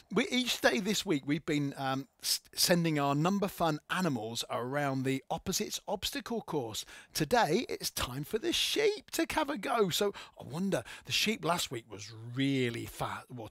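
A man's voice: medium pitch, sing-song, moderate pace, creaky, few pauses, a bit bright, husky, no room sound, clean studio sound. A man hosting a live maths show for children, cheerful and playful, laughing often and chatting with a child beside him.

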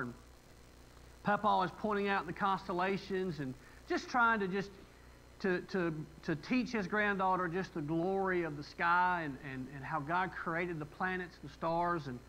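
A middle-aged man from preaches, high-pitched and bright-toned. He talks to the congregation in a folksy, emotional way and breaks into sudden louder bursts of emphasis. A faint hum of the room sits behind him. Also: low-quality recording. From West Tennessee. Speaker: pastor. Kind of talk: conversational sermon. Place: church sanctuary.

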